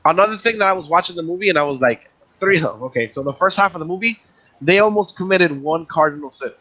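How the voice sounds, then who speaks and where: A man co-hosts a casual chat in a high, bright voice. He is chatty and quick to laugh, and he restarts his sentences as he goes. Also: lively intonation. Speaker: podcast co-host.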